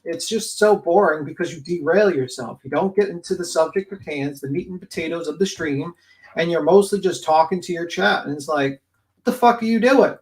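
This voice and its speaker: A man's voice: a little high, brisk. A man co-hosting a livestream, mocking and indignant, rambling with fillers. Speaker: livestream co-host. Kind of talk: casual livestream commentary.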